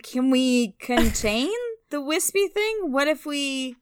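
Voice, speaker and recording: A woman playing a tabletop game, speaking in a hesitant, halting way. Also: high-pitched, lively intonation, dry recording, clean studio sound. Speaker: player.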